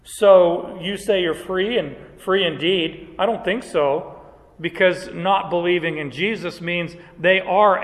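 A man with a high voice preaches slowly and emphatically through a passage, verse by verse. His words ring with a long reverb. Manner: emphatic, deliberate verse-by-verse teaching. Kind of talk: expository sermon.

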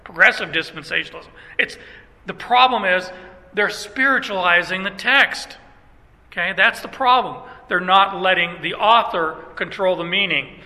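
A man's voice: high voice, in a large hall, low-quality recording. A man from Germany, a Bible teacher, speaking emphatically about how to interpret Scripture and telling stories from his classes. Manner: emphatic, animated storyteller. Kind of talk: speaking on theology.

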